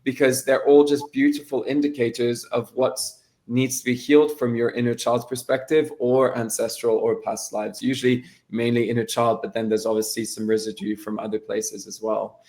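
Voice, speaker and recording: A man's voice: mid-range voice, little pitch movement, normal speed, few pauses, a little mellow. A man talking as a guest coach in a casual podcast conversation. He is emphatic and blunt and speaks in bursts of questions.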